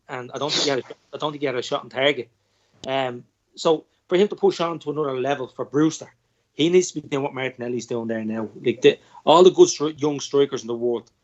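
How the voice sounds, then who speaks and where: A man co-hosting a casual football podcast, talking in a halting way with many repeated words. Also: medium pitch, a little mellow, highs cut off. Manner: hesitant, repeats words, says "like" often. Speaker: podcast co-host.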